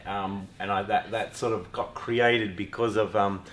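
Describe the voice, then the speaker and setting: A man's voice: on the low side, steady tone, unhurried, reverberant. An Australian man, a business owner, telling his story in an easygoing, rambling way in a casual interview.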